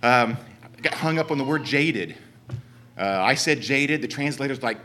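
Bright-voiced Southern Ohio man, rambling. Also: medium pitch, moderate pace. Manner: rambling run-on sentences, self-deprecating. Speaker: church member giving a talk. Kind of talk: sermon storytelling. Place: church sanctuary.

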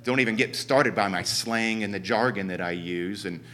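A man's voice: fairly low pitch, moderate pace, pushed and bright. A man with a Southern Ohio accent telling a long, rambling story from the church pulpit in run-on sentences. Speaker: church member giving a talk. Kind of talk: sermon storytelling. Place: church sanctuary.

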